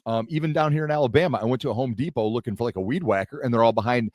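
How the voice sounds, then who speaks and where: A man's voice: medium pitch, racing, no room sound, clean studio sound. A young man from the Los Angeles area in casual podcast chat, telling stories and acting out the people he quotes. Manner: animated storytelling, acts out quoted voices. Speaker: podcast co-host.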